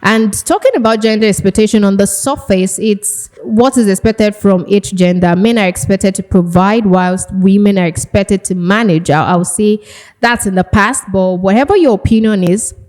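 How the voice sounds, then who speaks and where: A woman's voice: mid-range voice, moderate pace, a little mellow. A young Nigerian woman hosting a casual podcast chat, bubbly and teasing, often breaking into laughter. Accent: Nigerian English. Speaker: podcast host.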